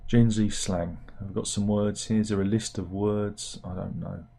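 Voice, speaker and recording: Low-ish and mellow with some vocal fry, this UK comic news host keeps a fairly even intonation at a moderate pace. His casual, wry chat wanders along with plenty of fillers and false starts.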